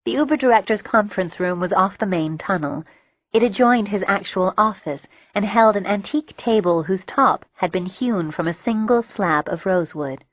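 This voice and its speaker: A woman narrating an audiobook with steady, wry storytelling. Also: mid-range voice, moderate pace, no room sound. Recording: dull lo-fi dry recording.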